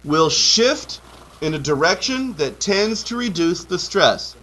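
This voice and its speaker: A man's voice: high-pitched, very animated, slow, a bit bright, rough recording. Man lecturing a chemistry class. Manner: drills key terms, frequent "okay" checks; dry joking asides. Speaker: high school chemistry teacher.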